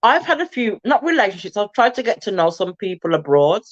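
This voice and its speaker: A woman's voice: medium pitch, sing-song, a little fast, dull audio. A woman co-hosting a casual live stream chat, talking chattily with her mouth full as she eats. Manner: chatty, talks while eating with mouth full. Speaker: co-host.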